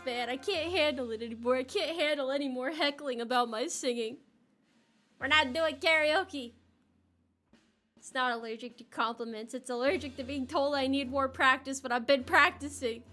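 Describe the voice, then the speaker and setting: High, bright young woman streamer, animated. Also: normal speed, faint music behind. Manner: animated, flustered, laughing, repeats words when worked up. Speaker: VTuber streamer. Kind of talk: casual livestream chat.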